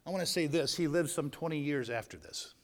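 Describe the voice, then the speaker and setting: High-voiced pastor in an echoing hall. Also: male voice, brisk. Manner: animated storytelling, swings from loud to hushed asides. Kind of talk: sermon retelling a Bible story. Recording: long hall reverb.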